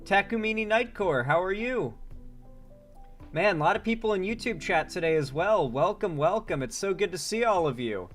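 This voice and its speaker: A man's voice: high voice, animated, normal speed, fairly bright tone, soft background music. A man hosting a casual livestream, reading out chat names one by one and rambling through asides. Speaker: livestream host.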